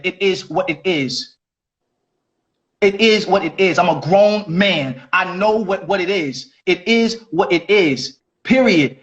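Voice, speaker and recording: A man with a high-pitched voice lectures in a preachy way, repeating his points over and over. He records in a bathroom, so the room echoes, and the sound is dull and lo-fi. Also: a bit bright. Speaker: live streamer. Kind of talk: heated live-stream argument.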